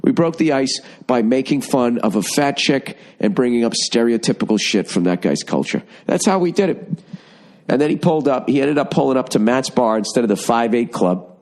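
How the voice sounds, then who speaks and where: A man's voice: mid-range voice, lively intonation, moderate pace, a little mellow. A man hosting a podcast, telling rambling, profane stories in casual chat. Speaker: podcast host.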